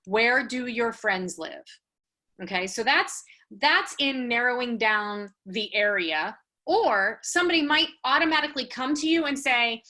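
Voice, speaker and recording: A woman in her thirties leading a casual team training session for real estate agents, brisk and animated, acting out client dialogues as she goes. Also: fairly high pitch.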